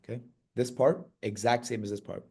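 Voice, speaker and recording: A man teaching a hymn chant step by step, singing short syllable phrases between quiet explanations and often checking in with "right?". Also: mid-range voice, steady tone, a little fast, breathy edge. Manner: patient, checks in with "right?" and "okay?".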